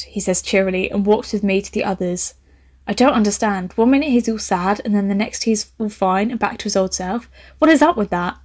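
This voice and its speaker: A woman's voice: mid-range voice, normal speed. A young woman reading a story aloud, breaking off for playful, laughing, camp asides.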